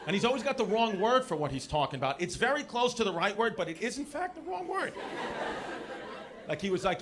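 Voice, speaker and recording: A man from Queens doing a stand-up comedy set, loud and animated, shouting punchlines and working the crowd on a comedy club stage. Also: high voice, a little fast, noisy background. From Queens, New York. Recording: live club crowd laughing.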